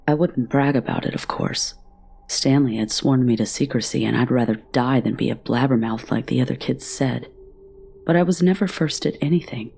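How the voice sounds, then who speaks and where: A woman narrating a horror story in a measured, often whispery way. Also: very deep voice, creaky, a little mellow, slightly rough.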